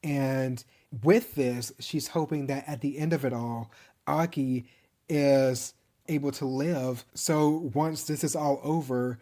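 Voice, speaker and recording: A man recapping an anime season in a casual, animated storytelling manner, chuckling often. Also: fairly high pitch, a little slow.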